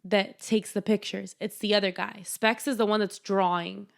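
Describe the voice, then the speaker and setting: A woman's voice: medium pitch, normal speed, creaky. A young woman co-hosting a podcast, casually recapping a horror film and acting out the characters' lines. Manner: animated retelling with acted-out quotes. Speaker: podcast co-host. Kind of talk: casual movie recap chat.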